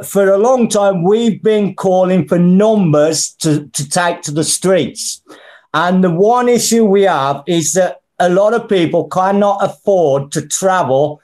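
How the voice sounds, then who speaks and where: Taking things slowly in a high voice with a darkish tone, this middle-aged interview guest speaks with a Birmingham accent. He's blunt and casual, addressing people as "mate" and "brother."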